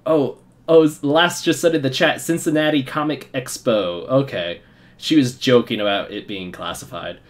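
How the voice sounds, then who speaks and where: A young man from Utah hosts a casual podcast chat, an excitable storyteller who piles up quick asides and laughs. His voice sits at an ordinary middle pitch, and he rushes through his fan anecdotes with eager energy. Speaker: podcast host.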